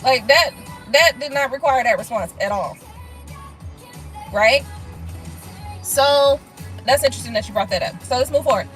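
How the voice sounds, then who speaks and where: Reading viewer comments during a relaxed live stream, this tarot reader speaks at a moderate pace with frequent pauses, bluntly and with profanity, brushing things off with laughter. Her high, bright voice comes through poor audio over faint, soft music.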